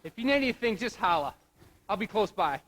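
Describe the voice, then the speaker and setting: A man's voice: sits high, very animated, fairly quick, fairly bright tone, full character voice, poor audio. A young man acting as a polite, reassuring young serviceman in a school musical on stage. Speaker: student actor in a school musical.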